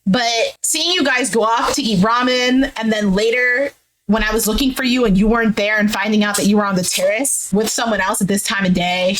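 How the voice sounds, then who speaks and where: A woman's voice: fairly high pitch, fairly bright tone, rough recording. Chatty woman retelling a show. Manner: retells scenes animatedly, acting out quotes with "he's like". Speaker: recap vlogger. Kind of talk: casual show recap. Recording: faint background noise.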